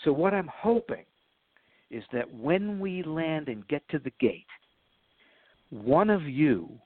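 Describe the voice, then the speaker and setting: A man's voice: a little high, expressive, slow pace, breathy edge, dry recording. A man telling stories as a guest in an interview, chatty and laughing at his own stories, with lots of fillers. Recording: phone line.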